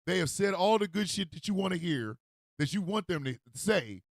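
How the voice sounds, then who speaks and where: Guy hosting a radio show, high gravelly voice, loud and animated, laughing a lot. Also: normal speed, no echo, clean studio sound. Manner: animated, loud, laughs often, acts out street calls. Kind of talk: comedic commentary rant.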